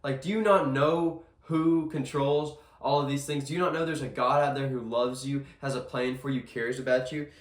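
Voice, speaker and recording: A man's voice: mid-range voice, fairly even intonation, moderate pace, hardly any pauses. Earnest man preaching in an echoey room. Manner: earnest, conversational, with frequent restarts. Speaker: devotional speaker. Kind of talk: casual devotional sermon. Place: chapel.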